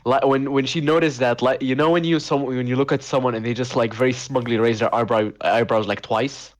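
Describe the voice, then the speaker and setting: A man's voice: mid-range voice, fairly even intonation, a little fast. A man playing in a tabletop game, chatting eagerly and jumping in with ideas. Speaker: player. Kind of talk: casual chat.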